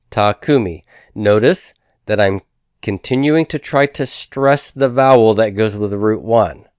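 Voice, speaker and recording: A man's voice: fairly low pitch, darkish tone, clear, resonant tone, dry recording. Male lecturer, patient and methodical, resonant voice recorded dry. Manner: patient, explanatory, repeats and drills forms. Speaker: Biblical Hebrew teacher.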